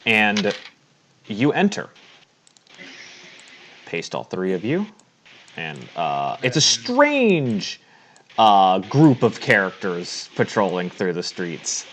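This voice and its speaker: Male GM, unhurried, animated pitch, easygoing and prone to laughing. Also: slight background noise. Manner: laughs often, loose and chatty. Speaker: game master. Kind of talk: narrating a tabletop game.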